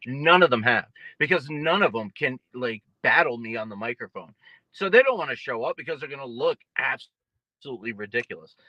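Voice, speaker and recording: A young man being interviewed as a boxer, trash-talking with boastful, mocking swings in pitch. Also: animated, a little fast, sharp tone, no room sound, dull audio. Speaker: guest boxer. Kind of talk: casual trash talk interview.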